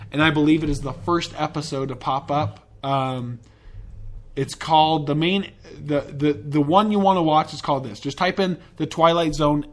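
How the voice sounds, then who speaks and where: A man hosting a podcast in a casual, rambling and profane way, with enthusiastic tangents. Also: a little high. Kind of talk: casual chat.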